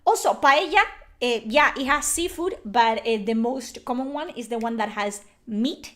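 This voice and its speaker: A woman from Spain with a Spanish accent and Spanish as her first language, commenting on a game in an animated, emphatic, exasperated way and swearing freely. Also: a little high, normal speed. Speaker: streamer.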